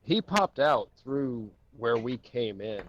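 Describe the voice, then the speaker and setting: A man's voice: mid-range voice, lively intonation, takes it slowly, lo-fi sound, slight background noise. A man playing a tabletop game in casual chat, laid-back and plotting aloud. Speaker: player.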